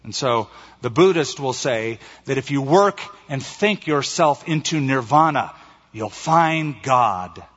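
A man's voice: medium pitch, expressive, a bit bright, husky. Preaching man in a reverberant hall. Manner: emphatic preaching, slowing down to stress key phrases. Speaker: pastor. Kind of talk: sermon. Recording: muffled recording in a reverberant hall.

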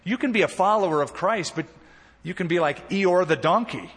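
A male pastor preaching a sermon in a church sanctuary, telling the story in an animated way with emphatic swings and quieter asides. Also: sits high, moderate pace, breathy edge. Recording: reverberant church hall.

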